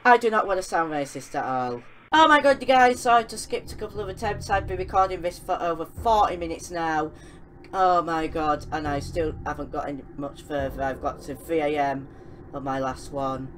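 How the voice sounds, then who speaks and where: Young woman doing game commentary, lowish voice, slow pace, gets shouty and excitable, faint game music behind. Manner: excitable, yelling and scolding at game characters. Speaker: gaming channel host. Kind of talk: let's-play commentary.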